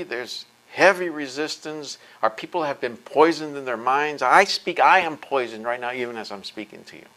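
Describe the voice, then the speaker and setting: A man's voice: medium pitch, a bit bright. A man giving an impassioned lecture, intense and emphatic, blunt and profane, often repeating words as he presses his points.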